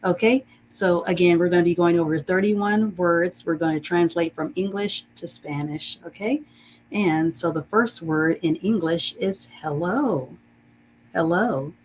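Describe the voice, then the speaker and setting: A woman teaching a live-streamed reading class, greeting viewers and sounding out words slowly and carefully. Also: lowish voice, a little hiss or hum, low-quality recording. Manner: slow, warm and encouraging, greets chat viewers; drawn-out careful pronunciation of words.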